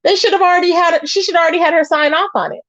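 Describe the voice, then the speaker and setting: A woman hosting a casual gossip commentary show, chatty and animated, answering her live chat. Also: very high voice, racing, dry recording, muffled recording. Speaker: commentary channel host.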